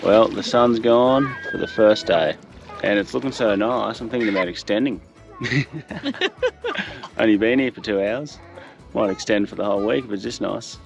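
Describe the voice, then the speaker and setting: A man in his thirties with an Australian accent, chatting casually in a travel vlog, relaxed and laughing often. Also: fairly low pitch, unhurried, gravelly, lo-fi sound. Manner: laid-back, laughs often, storytelling. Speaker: vlogger. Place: outdoors, coast and van. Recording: music playing over the voice.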